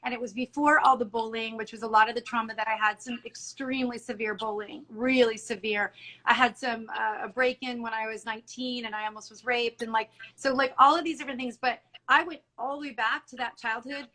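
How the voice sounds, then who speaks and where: Woman, middle-aged, interview guest, earnest, emotional, bright tone. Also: fairly high pitch, steady tone, a little fast, rough recording. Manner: earnest and emotional, many restarts and quoted dialogue. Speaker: salon owner guest. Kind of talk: candid interview talk.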